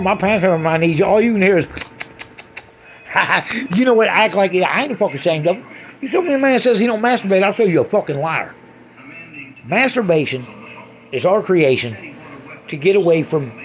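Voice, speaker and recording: A man's voice: sits high, a little hiss or hum. A man in a crude, rambling rant, swearing heavily and drifting between asides. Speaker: monologuist.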